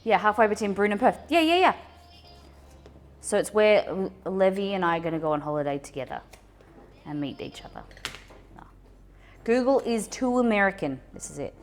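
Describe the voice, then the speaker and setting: An Australian woman hosting a casual cooking livestream, chatty and excitable as she talks to her chat. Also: medium pitch, fairly quick, soft background music.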